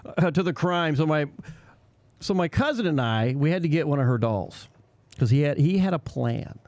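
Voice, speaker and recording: A man's voice: a little high, normal speed, no echo. A man co-hosting a radio show, telling a childhood story in a casual chat and laughing often as he goes. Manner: laughs often while telling stories, animated. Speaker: co-host. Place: radio studio.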